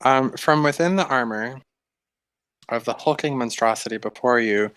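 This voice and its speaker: A man's voice: medium pitch, normal speed, a bit bright, clean tone. Man running a tabletop game. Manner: casual, hesitant with fillers. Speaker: game master.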